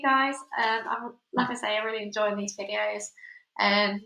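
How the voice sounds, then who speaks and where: A woman reading a children's novel aloud with clear storytelling, then chatting hesitantly as she signs off. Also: mid-range voice, fairly even intonation, moderate pace, bright, forceful tone, a little hiss or hum. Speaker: audiobook reader. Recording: roomy echoey room.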